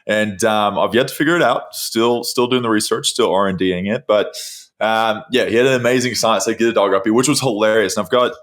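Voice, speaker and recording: A man hosting a podcast, telling a story in an animated, casual way and laughing often. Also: on the low side, a little fast. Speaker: podcast host. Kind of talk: casual chat.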